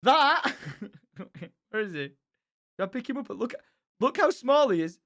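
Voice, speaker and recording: A young man chatting casually on a stream, animated, swearing freely and laughing often. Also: very high-pitched, a little slow.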